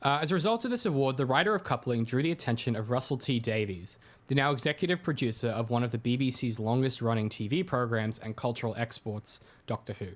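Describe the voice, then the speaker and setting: A man reading a critical analysis aloud in a steady voice, breaking off now and then for relaxed, chatty asides with plenty of "uh"s. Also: medium pitch, fast talker. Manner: reads steadily, drops into chatty asides with filler "uh"s. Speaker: co-host reading his own book aloud. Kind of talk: casual read-through with asides.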